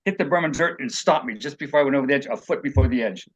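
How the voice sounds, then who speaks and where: A man's voice: mid-range voice, racing, dull audio. A man being interviewed as an author, telling personal stories in a rambling, earnest way and acting out what people said. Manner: rambling, earnest, acts out quotes.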